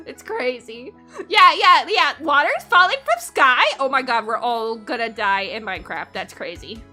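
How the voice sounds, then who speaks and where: A woman's voice: high-pitched, animated, moderate pace, sharp tone, faint music behind. A young woman streaming live, chatting casually with her chat and giggling often between sentences.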